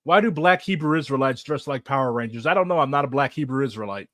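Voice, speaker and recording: Man, casual Q&A host, sarcastic and profane, animated delivery, dry close sound. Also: mid-range voice, fast talker, dry recording. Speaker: streamer answering viewer questions. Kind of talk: casual chat.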